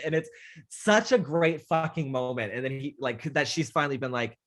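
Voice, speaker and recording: A young man hosting a casual film chat, rambling and animated, swearing freely and acting out scenes he loves. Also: on the high side, brisk. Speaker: podcast host.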